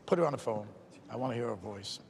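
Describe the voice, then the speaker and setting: An actor playing an intense, volatile male stage star on a phone call, lovesick and swinging from low brooding menace to shouting. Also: expressive, fast talker, creaky, background noise. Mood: irritated.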